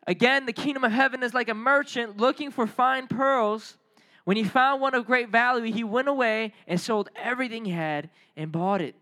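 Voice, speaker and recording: A man preaching a sermon as a youth pastor, telling lively stories and calling on the crowd to respond. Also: very high-pitched, normal speed.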